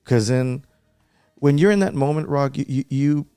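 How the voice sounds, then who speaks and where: A man's voice: mid-range voice, moderate pace, dark tone, clean tone, dry recording, clean studio sound, soft background music. Earnest man retelling a loss. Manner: earnest, repeats himself as he recalls. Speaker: guest. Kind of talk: emotional podcast interview.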